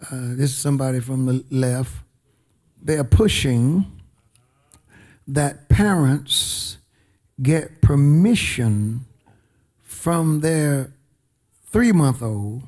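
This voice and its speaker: A man preaching a sermon. He is emphatic, calls out to the congregation, and swings between shouted lines and quiet asides. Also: on the high side.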